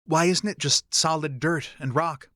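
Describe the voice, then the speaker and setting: A man voicing a young human man who talks in a rasping, choked voice. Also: a little high, steady tone, unhurried, sharp tone, dry recording, studio quality. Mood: strained.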